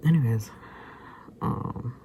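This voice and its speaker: A man's voice: slow, warm tone, slight background noise. A tired, sleepy man rambling casually to the camera, sometimes drifting into muttered whispers. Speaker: vlogger.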